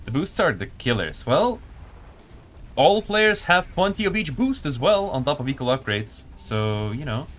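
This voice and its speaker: His voice is fairly high and a bit bright, with big pitch swings at a normal speed, and there's slight background noise. He's a community manager on a live stream, casually responding to chat while watching and commenting on a match.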